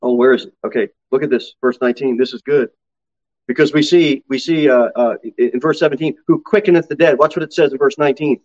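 A male pastor in full sermon, his fairly high voice dropping low for quiet asides and then climbing to ringing high exclamations. The recording sounds dull and lo-fi. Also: fairly quick.

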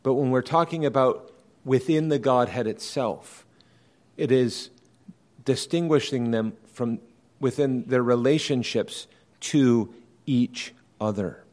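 A man preaching an evening sermon, explaining doctrine in a measured, emphatic way and often rephrasing his points. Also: medium pitch, a little mellow.

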